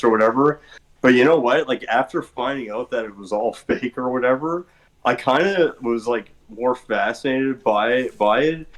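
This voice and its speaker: Man, casual podcast chat, mid-pitched voice, rambles with ums and likes. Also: moderate pace, rough recording. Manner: rambling, meandering explanations with fillers. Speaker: podcast panelist.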